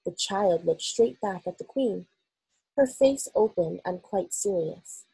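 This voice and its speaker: A woman reading a children's novel aloud for school children in an expressive, unhurried storytelling manner. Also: mid-range voice, creaky, slightly rough, dry recording, low-quality recording.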